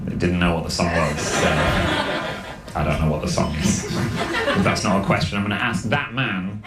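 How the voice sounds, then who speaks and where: A man's voice: deep voice, normal speed, over loud music. A British man doing a stand-up bit, telling a wry, self-mocking story. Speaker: stand-up comedian. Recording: roomy echoing sound.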